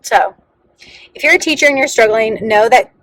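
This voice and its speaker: A woman's voice: on the high side, moderate pace, fairly bright tone, no echo, low-quality recording. Chatty young woman teacher, earnest vlog talk. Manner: chatty and earnest, many "like" fillers. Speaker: first grade teacher and vlogger. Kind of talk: casual vlog storytelling.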